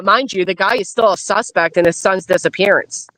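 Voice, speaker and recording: A woman's voice: medium pitch, brisk, fairly bright tone, no echo, poor audio. A woman from Pennsylvania giving blunt, emphatic commentary on a casual live stream. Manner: blunt, emphatic, repeats warnings.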